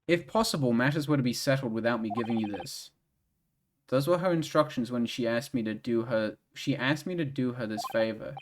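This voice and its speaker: A man reading aloud the lines of an eccentric, grandiose male gentleman detective from a game, in a formal, theatrical manner. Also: medium pitch, brisk, noisy background, voice pushed down, close to an everyday voice. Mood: grave.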